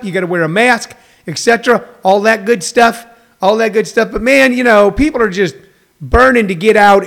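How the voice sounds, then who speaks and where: Host, male, high-pitched, loose rambling chat with viewers, lots of um and uh. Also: gravelly, fairly bright tone. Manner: rambling, chatty, frequent restarts and fillers. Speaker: livestream show host. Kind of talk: casual chat to live viewers. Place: home in a hot desert region.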